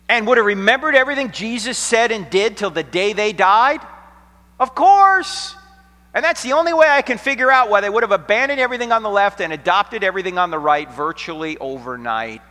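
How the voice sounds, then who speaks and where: A middle-aged American man giving an apologetics lecture to college students, telling stories dramatically, sometimes hushed and sometimes nearly shouting, with a sarcastic edge. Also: sits high. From United States. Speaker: Christian apologetics speaker. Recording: long hall reverb.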